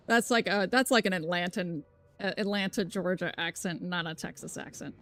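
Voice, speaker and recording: A young woman streaming a game live, reacting loudly, swearing and shrieking at scares between chatty remarks. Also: fairly low pitch, moderate pace. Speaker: gameplay streamer. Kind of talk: live gameplay commentary.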